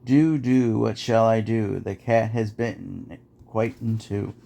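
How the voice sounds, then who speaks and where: Low-voiced guy with a gravelly edge reading nursery rhymes in a sing-song beat. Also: fairly even intonation, a little slow, mellow, a little hiss or hum. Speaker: podcast host.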